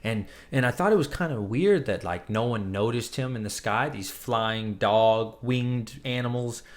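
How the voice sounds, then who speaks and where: A man's voice: mid-range voice, a little slow. A man casually reviewing a comic book, retelling the plot with enthusiastic, chatty energy.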